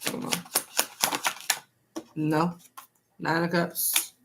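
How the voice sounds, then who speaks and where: A woman's voice: deep voice, little pitch movement, very slow, gravelly, background noise. Chatty woman reading tarot live. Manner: casual, chatty, talks to chat and repeats herself. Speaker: tarot reader streaming live.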